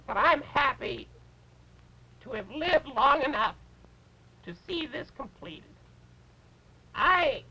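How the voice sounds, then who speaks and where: A man voicing a sentimental old female witch puppet who speaks in a shrill, quavering way. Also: bright, forceful tone, heavily acted, rough recording. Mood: tearful. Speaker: puppet character on a TV show.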